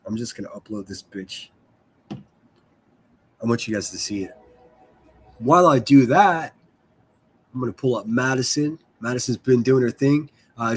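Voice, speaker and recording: A man's voice: medium pitch, slightly rough. A man hosting a casual livestream, rambling and swearing freely as he chats with viewers. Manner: profane, rambling, self-deprecating. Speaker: livestream host.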